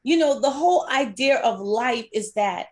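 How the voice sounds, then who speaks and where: A woman co-hosting a casual talk, animated and quick to act out other people's reactions. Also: a little high. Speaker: podcast co-host. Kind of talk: casual chat.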